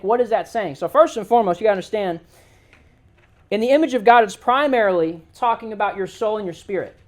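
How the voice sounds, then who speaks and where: A man giving an animated, joking sermon to a youth group as youth pastor, often telling the crowd to listen. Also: sits high. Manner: casual everyday slang.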